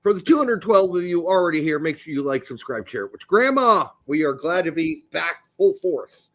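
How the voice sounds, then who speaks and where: A man's voice: on the high side, a little fast. A man in his fifties co-hosting a soccer podcast, joking crudely in casual chat. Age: 50s. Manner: animated, crude, jokey. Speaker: podcast co-host.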